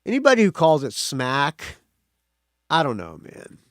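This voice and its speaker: A man's voice: medium pitch, very animated, slow pace, no echo, studio quality. A male podcast host giving a casual movie review monologue, blunt and profane, with frequent restarts.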